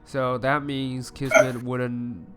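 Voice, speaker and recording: A man playing a casual tabletop game, explaining his plans haltingly with fillers. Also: medium pitch, little pitch movement, very noisy. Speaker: player.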